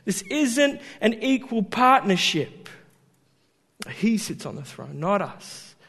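A man preaching a sermon as a pastor, talking in an animated way that swings from loud emphasis to quiet asides. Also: high voice, takes it slowly, long reverb tail.

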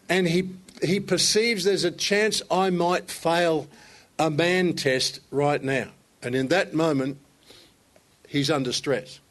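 A man's voice: on the high side, fairly bright tone. A man speaking to other men in a conversational sermon, telling stories with self-deprecating humor.

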